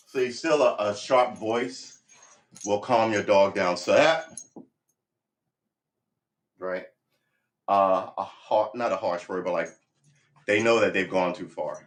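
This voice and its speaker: Casting: male streamer, lowish voice, loose rambling chat, firm with the dog. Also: slow pace, long pauses. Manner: rambling, talks to his dog, firm commands. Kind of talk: casual live-stream chat.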